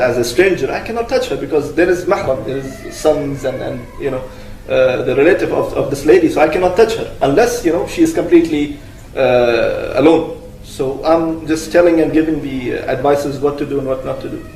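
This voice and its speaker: Male religious storyteller, earnest and halting, mellow tone, recorded from a distance. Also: medium pitch, a little hiss or hum. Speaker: religious speaker. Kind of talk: retelling a cautionary religious story. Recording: echoey room, distant mic.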